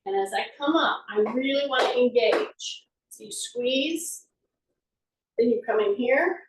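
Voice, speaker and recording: High-voiced woman coaching exercise. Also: far from the mic. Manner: chatty, encouraging, demonstrates while talking. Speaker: fitness instructor. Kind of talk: live exercise class instruction. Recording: echoey room, voice from off the mic.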